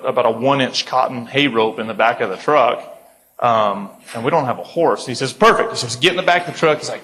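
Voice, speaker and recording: A young man from the United States speaking at a conference, telling a funny farm story with lively, acted-out voices for his family. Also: on the high side, poor audio. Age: young adult. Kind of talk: humorous storytelling to an audience.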